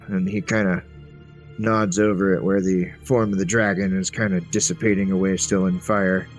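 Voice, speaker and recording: A man's voice: sits low, level tone, normal speed. A man narrating a tabletop game as game master in a loose, casual way with many fillers. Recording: faint background music.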